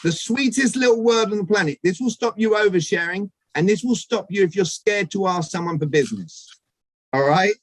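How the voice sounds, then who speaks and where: A man giving an energetic live talk on sales communication to a networking audience, asking them questions directly. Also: high voice, no room sound, poor audio. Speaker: speaker at a networking event. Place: event room with audience.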